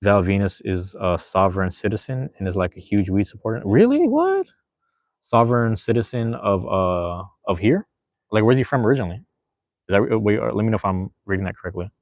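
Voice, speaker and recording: A man with a deep voice hosts a podcast, speaking briskly in a laid-back, slangy ramble packed with fillers as he reads the live chat. There's no room sound, and the audio comes across dull.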